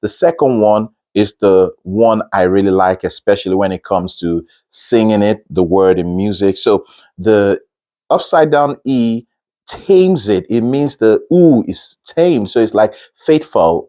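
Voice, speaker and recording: A male vocal coach talks through pronunciation at an unhurried pace. His voice sits slightly low, and he models each word again and again for his students. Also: lively intonation, dark tone. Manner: slow, demonstrative, repeats words to model sounds. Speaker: singing teacher.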